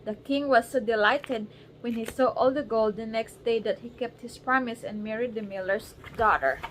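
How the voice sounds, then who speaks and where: A mother reads a storybook aloud to her baby at bedtime, her voice a bit high. She keeps the narration casual and breaks off to coax the wriggling child. Faint background noise sits under the recording at home. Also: fairly even intonation, moderate pace, low-quality recording. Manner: casual reading, distracted, coaxing a wriggling baby.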